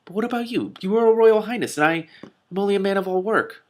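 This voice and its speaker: A teasing young man of all work speaks in a dry, steady way, as a man reads his lines in a voice close to his own. It is plain storybook reading. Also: high-pitched, fast talker, pitched above the performer's own voice, lightly acted.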